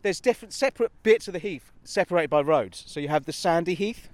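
A man's voice: on the high side, expressive, fast, dry recording. Rambling man in a park. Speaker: co-host, guide of the walk. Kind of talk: casual outdoor walking chat. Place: outdoors in a city park.

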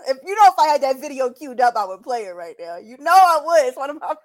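Giggly, high-voiced woman podcast co-host. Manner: giggly, animated, quick to exclaim. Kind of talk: casual chat.

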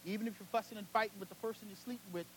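A man with a strikingly high voice preaches to his congregation. He swings between loud, fervent peaks and quiet, close passages. A faint hum sits under his voice. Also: fairly even intonation, very fast, rough recording. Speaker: senior pastor. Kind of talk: sermon.

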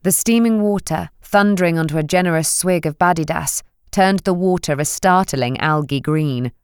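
A woman narrating a novel in a measured, gentle reading. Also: fairly low pitch, smooth, dry recording, studio quality. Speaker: audiobook narrator. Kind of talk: scripted narration.

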